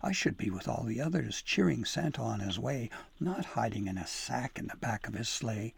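Man doing a scared young elf, whispery, husky and close. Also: medium pitch, expressive, moderate pace, dry recording, exaggerated voice. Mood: ashamed. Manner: hushed, whispering. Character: small frightened young male elf.

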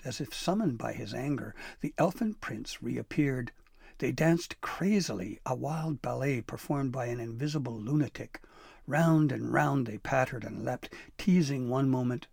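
A man reading a children's storybook aloud with expressive narration. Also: medium pitch, creaky, slightly rough, dry recording, studio quality.

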